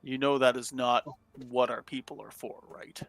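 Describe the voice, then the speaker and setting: A man playing a stern male alien companion who lectures quietly and deliberately. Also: mid-range voice, fairly even intonation, vocal fry, no room sound, lightly acted.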